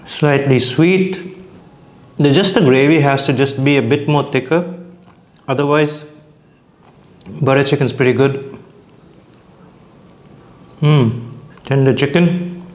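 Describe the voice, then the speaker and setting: A man's voice: mid-range voice, fairly even intonation, measured pace, pauses often. A young man casually reviewing dishes as he eats, chatty and hesitant, restarting his sentences and talking with his mouth full. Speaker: food vlogger.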